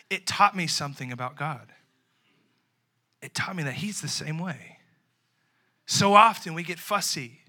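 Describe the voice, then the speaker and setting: A young man preaching a sermon, switching between lively storytelling and hushed, earnest moments. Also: sits high. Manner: animated preaching that swings between loud and hushed; casual, chatty storytelling with fillers. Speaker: pastor.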